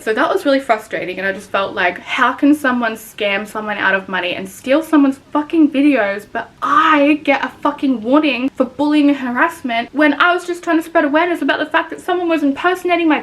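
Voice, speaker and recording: A young woman, a content creator, in a candid vlog rant, frustrated and swearing often, swinging into loud outbursts. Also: on the high side.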